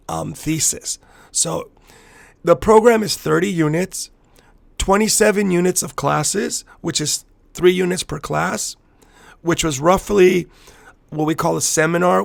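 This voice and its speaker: A man in his fifties from the US–Mexico border region tells a personal story on his podcast. His voice sits a little high with a gravelly, fry-laced edge. He rambles reflectively and restarts often, and the sound is dry and close. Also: dry recording. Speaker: podcast host and capoeira master.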